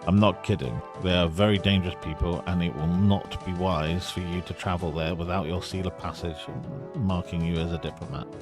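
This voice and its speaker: A man's voice: low-pitched, fairly even intonation, brisk, few pauses, music in the background, natural voice. A man voicing a pompous, haughty ship captain who speaks in a formal, condescending way.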